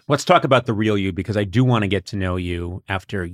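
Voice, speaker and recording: A man's voice: lowish voice, fairly quick, slight background noise. A man hosting a casual chat, teasing his guest and telling stories with frequent laughter. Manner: teasing, lively storytelling, laughs often. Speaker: podcast host.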